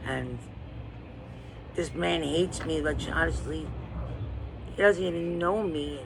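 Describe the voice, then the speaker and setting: A man's voice: on the high side, takes it slowly, gravelly, background noise. A man in a raw personal monologue, rambling, emotionally distressed and swearing often. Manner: profane.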